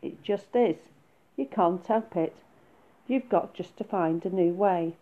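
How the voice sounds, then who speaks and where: A woman voicing a calm, wise little male rabbit who lectures gently and patiently. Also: fairly low pitch, slow pace. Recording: phone-like narrow sound.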